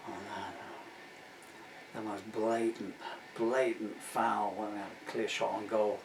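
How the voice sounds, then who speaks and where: A man in his sixties, raised in England in an Irish family, chats between songs as a singer-songwriter, rambling and poking fun at himself with plenty of asides. His voice is fairly low, flat and a little slow. The room is roomy and noisy, with a distant mic and guitar.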